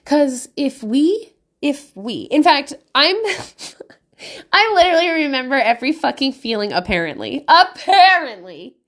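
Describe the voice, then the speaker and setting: Casting: woman, 30s, mom of five, slightly high voice, frank and foul-mouthed, laughs a lot. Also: very animated, unhurried. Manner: candid and profane, laughing often. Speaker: mother of five giving parenting advice. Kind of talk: casual monologue.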